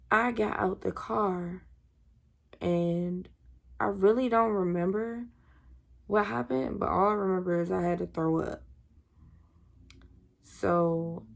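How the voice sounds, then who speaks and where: A woman's voice: mid-range voice, vocal fry, darkish tone. A woman vlogger casually telling a storytime, acting out her own drunk whining in quotes.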